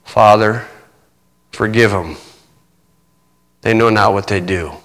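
A man preaching voices a dying man speaking in a hushed, solemn, old-fashioned way. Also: lowish voice, slow, in a large hall, pitched below the performer's own voice. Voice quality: hushed, solemn, archaic speech.

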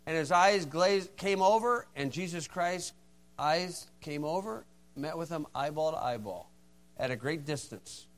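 Male preacher, fairly high voice, folksy, moves from hushed asides to loud, forceful acted lines. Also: animated, unhurried. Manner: folksy storytelling, acts out dialogue, swings from hushed to shouting. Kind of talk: sermon.

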